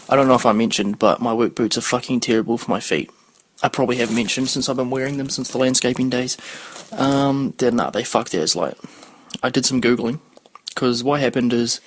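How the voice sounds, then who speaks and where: A man's voice: medium pitch, a little hiss or hum. A man in his twenties hosting a podcast, chatting casually in a rambling way, swearing freely and losing his thread. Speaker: podcast host.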